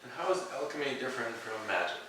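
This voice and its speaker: A man's voice: medium pitch, lively intonation, quick pace. A male interviewer asking short questions and throwing in quips. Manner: short questions and quips, often laughing along. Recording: echoey room, distant mic, background noise.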